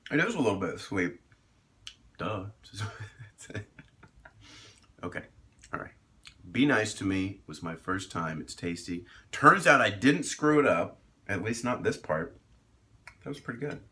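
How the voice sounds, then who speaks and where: A man's voice: on the low side, expressive, takes it slowly, pauses often, sharp tone, low-quality recording. A man, a doctor, chatting casually through a cooking vlog in his home kitchen, upbeat and self-deprecating. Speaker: doctor vlogging about meal prep. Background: kitchen sizzle.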